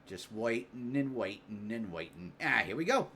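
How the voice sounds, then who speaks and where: A man streaming a game live, chatting casually, joking, thinking out loud with lots of fillers, and reading game dialogue aloud. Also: fairly low pitch, very animated, normal speed, slight background noise.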